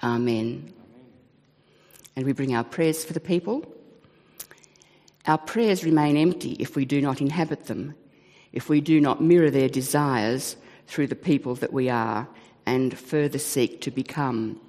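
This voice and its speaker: A man leading church notices and prayers in a measured, earnest way. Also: medium pitch, mellow. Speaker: church leader. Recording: reverberant church hall.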